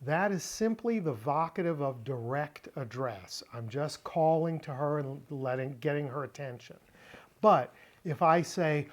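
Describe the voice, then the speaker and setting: A middle-aged man teaching a Bible word-study lesson, explaining deliberately and repeating key points for emphasis. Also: fairly high pitch. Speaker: Greek teacher.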